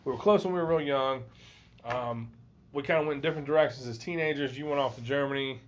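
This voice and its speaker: A man's voice: mid-range voice, quick pace. A man hosting a podcast, telling a story in a casual, profane way and acting out what people said. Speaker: podcast host. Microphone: phone. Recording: dull lo-fi phone recording.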